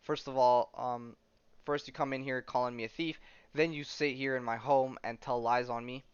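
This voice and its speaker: A man's voice: medium pitch, steady tone, moderate pace, clean tone, dry recording, highs cut off, close to an everyday voice. A man reading as an indignant crime boss. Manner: blunt, accusing street talk.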